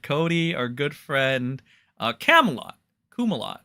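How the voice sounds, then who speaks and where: Bright-voiced man ranting mockingly. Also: medium pitch, sing-song, measured pace, no room sound, clean studio sound. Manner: mocking, ranting, heavy swearing, many "like" and "all right" fillers. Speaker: livestream commentary host. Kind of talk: profane reaction commentary.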